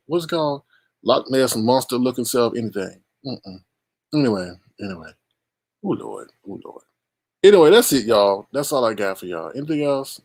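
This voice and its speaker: A man hosting a casual live stream who rambles, repeats himself and teases his callers. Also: on the low side.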